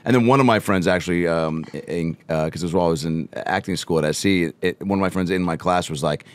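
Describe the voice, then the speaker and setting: A man's voice: low voice, fast talker, few pauses, clean tone. A man hosting a podcast who tells loose, jokey stories in casual chat and slips into put-on voices. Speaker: podcast host.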